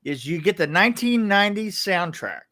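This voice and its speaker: A male co-host chats easily and reacts with wry remarks. His pitch rises and falls in a lively, animated way. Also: moderate pace. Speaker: podcast co-host. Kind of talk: casual podcast banter.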